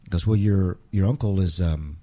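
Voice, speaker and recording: A man's voice: sits low, normal speed, dark tone. A man telling a long personal story in a casual interview, rambling and restarting and quoting others in his own voice. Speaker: interview guest.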